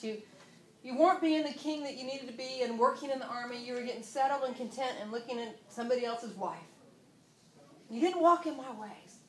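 A woman leading an informal Bible study, emotional, moving between soft asides and loud exclamations. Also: a little high, roomy sound.

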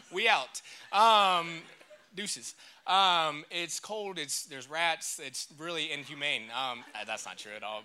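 Bright-voiced young man preaching. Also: fairly high pitch, clean tone. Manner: joking, talkative, audience call-and-response. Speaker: church speaker. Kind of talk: casual sermon.

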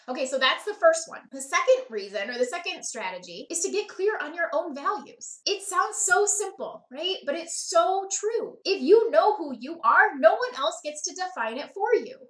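A woman with a high, bright voice hosts a podcast, explaining ideas in a lively, conversational way. She keeps checking in with her listeners as she talks. The sound rings with the echo of the room. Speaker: podcast host. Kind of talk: podcast teaching talk.

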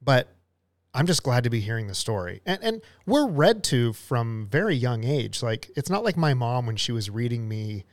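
Male co-host, mid-pitched, self-deprecating rambler, dry booth sound. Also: big pitch swings, normal speed, no echo. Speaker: podcast co-host. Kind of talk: casual chat.

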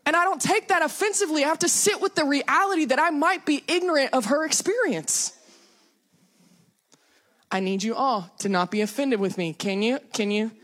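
A woman's voice: sits high, animated, normal speed, fairly bright tone. A young woman from Texas with a Southern accent, a guest preacher giving a chatty, self-deprecating sermon full of conversational asides. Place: church sanctuary.

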